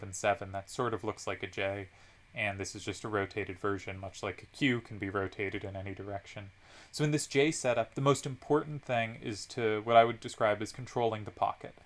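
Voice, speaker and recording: A man commentating a card game tournament, analyzing each move step by step with frequent ums. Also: on the low side.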